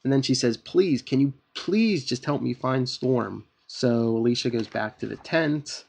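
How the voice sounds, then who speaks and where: A man's voice: mid-range voice, unhurried, gravelly, darkish tone. A man hosting a podcast, casually retelling a comic book plot with lots of fillers and quoted lines. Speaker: podcast host.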